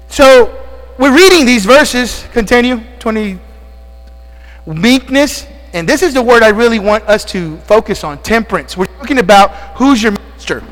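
A man's voice: sits high, a bit bright. A male pastor preaching a sermon, asking the congregation questions and calling out amens, sounding out of breath. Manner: call-and-response preaching with frequent amens and questions. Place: church sanctuary. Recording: long church reverb with mains hum.

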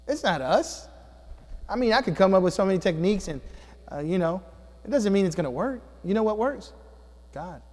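A man preaching a sermon as a pastor, with animated delivery that swings between loud and hushed. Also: high voice, normal speed, long pauses, long reverb tail. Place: church sanctuary.

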